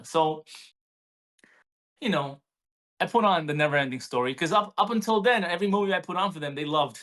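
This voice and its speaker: A man in his forties, co-hosting a podcast, telling a story in a casual, animated way with many restarts. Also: a little high. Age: 40s. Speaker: podcast co-host. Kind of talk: casual chat.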